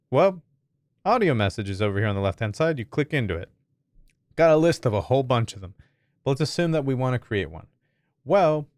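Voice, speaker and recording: A man hosting a software tutorial, walking through settings in a friendly, jokey, energetic way. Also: mid-range voice, dry recording, clean studio sound. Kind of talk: upbeat screen-recorded tutorial.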